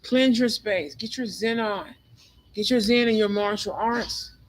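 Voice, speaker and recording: A man's voice: high-pitched, unhurried, poor audio. A man giving a spiritual tarot reading monologue, rambling and emphatic, repeating phrases again and again. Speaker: tarot reader.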